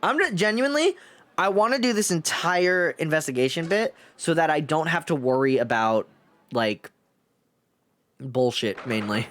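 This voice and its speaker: A man's voice: on the high side, animated, normal speed, fairly bright tone. A man streaming a story game, chatting casually with crude jokes and lots of swearing. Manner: crude, joking, swears a lot.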